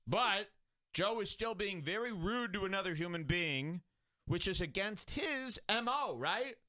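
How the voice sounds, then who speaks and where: A man's voice: sits high, expressive, unhurried, pushed and bright, no room sound, studio quality. A man hosting a comedy show, sarcastically mocking a clip he plays. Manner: sarcastic, with jokey exaggeration. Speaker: host. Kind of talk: mocking commentary over a clip.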